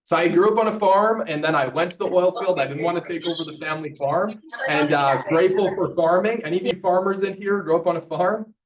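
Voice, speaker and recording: A man in his twenties from Canada giving an energetic motivational speech to a live audience, telling his story and polling the crowd. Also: sits high, fast. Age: 20s. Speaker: motivational speaker. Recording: distant, dull sound.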